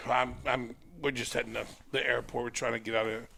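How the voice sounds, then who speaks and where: A man's voice: mid-range voice, fast talker, vocal fry, slight background noise. A middle-aged man, a former wrestler, telling a story in casual chat and acting out the voices of the people in it. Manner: animated storyteller who acts out voices. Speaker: podcast guest, former wrestler.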